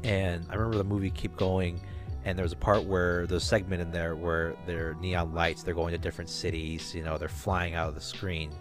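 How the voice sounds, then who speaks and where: Deep-voiced man telling a wild story. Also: a little fast, over music. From Alaska. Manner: rambling, animated retelling with swearing and restarts. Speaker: podcast host. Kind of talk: casual storytelling.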